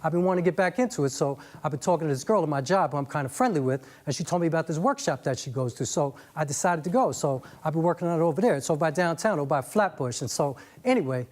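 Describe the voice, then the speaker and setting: A wry, rambling young veteran, voiced by a male performer, dropping his voice low and circling back through his story with "anyway" and "man". He still moves at a fast clip. It sounds like a spoken-word performance. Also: animated, darkish tone, lightly acted. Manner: lower, laid-back, rambling with fillers.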